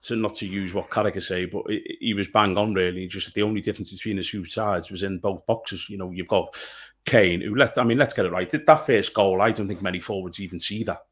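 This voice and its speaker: A man's voice: deep voice, steady tone, a little fast. A man, a podcast co-host giving forthright opinions in casual chat.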